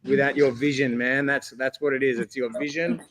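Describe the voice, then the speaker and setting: A man's voice: mid-range voice, flat delivery, fairly quick, a bit bright, a little hiss or hum. A man hosting a live stream, talking casually and encouragingly, often calling people "man" and "brother".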